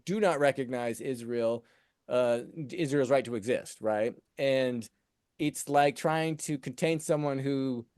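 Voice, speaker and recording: A middle-aged man talks through his point in a loose, rambling way, restarting sentences and hedging as he goes. His voice sits at an ordinary pitch. The sound is dry and close, with no room echo. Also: darkish tone. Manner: rambling, many restarts and hedges. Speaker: co-host. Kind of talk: casual podcast discussion.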